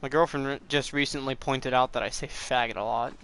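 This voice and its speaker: A man's voice: mid-range voice, fairly even intonation, fairly quick, fairly bright tone, clean tone. A young man giving casual, rambling commentary as he plays a game, cursing at it now and then. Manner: rambling, swears at the game, breaks into frustrated outbursts. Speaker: gameplay commentator. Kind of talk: casual let's play commentary.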